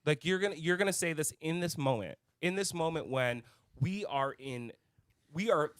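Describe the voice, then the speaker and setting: A man's voice: a little high, normal speed, a bit bright, smooth, dry recording, studio quality. Heated, swearing male podcast co-host. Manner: heated, swears often, bursts of anger. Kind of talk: casual chat.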